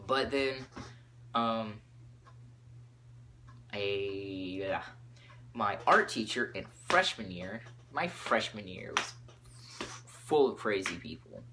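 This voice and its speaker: A teenage boy hosting his own podcast, rambling excitably from topic to topic with lots of fillers. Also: fairly low pitch, takes it slowly, long pauses, a little hiss or hum. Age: teens. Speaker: podcast host.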